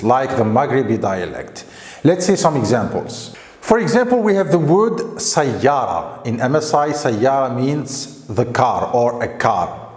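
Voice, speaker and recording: A man teaches slowly and deliberately, often checking in with "okay?". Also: mid-range voice, darkish tone. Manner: slow and deliberate, with frequent "okay?" check-ins. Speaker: Arabic teacher. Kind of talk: explaining to camera. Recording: echoey room with long reverb.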